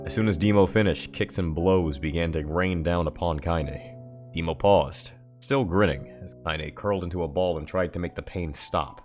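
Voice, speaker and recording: Deep-voiced man reading a story aloud. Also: moderate pace, faint music behind. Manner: occasional stumbles and self-corrections. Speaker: streamer reading a novel aloud. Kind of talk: dramatic book reading on stream.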